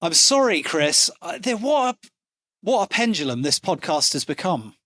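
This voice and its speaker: An animated man hosts a film podcast, talking fast and eagerly with a fairly high voice. The sound is close and dry, with no room around it. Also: no echo. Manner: animated, excitable, swears casually. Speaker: podcast host. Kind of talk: casual chat.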